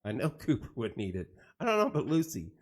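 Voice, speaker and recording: A man's voice: medium pitch, a little fast, husky. A middle-aged man hosting a casual live chat, joking and rambling as he tells stories and greets viewers. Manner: joking, rambling, animated storytelling. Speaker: host of a live chat show.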